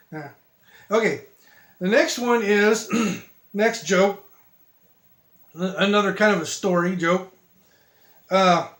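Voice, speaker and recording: Halting amateur joke teller, male, high pitch, echoey room. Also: a bit bright. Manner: halting, many restarts and fillers, self-deprecating. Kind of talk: rambling joke telling.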